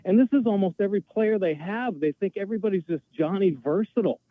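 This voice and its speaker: A man's voice: sits high, fast talker. A man calling in to a sports show, ranting in an exasperated, emphatic way about his team. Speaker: call-in guest. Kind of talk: heated sports opinion rant. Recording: tinny phone line.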